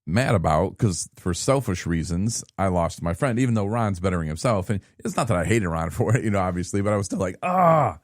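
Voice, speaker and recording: Low-voiced man telling a story. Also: a little fast, few pauses, no echo, clean studio sound. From Michigan. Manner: animated, laughing, acts out quoted people. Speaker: podcast guest. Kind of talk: casual storytelling.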